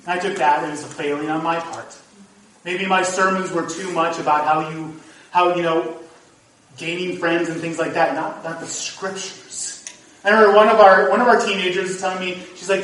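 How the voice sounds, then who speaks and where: Somewhat fast and on the high side, the pastor's voice stays steady with a fairly bright tone as he preaches earnestly, sometimes emphatically. Background congregation and hall echo fill the church sanctuary, recorded from a distant mic.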